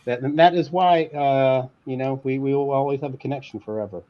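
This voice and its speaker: A man's voice: medium pitch, brisk, highs cut off. A man playing guitar in a band, telling studio stories in a joking, boastful way during a casual chat.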